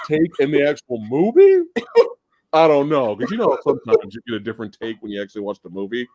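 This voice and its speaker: A man hosting a live movie podcast in casual chat, animated and profane, laughing often. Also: mid-range voice, quick pace. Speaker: podcast host.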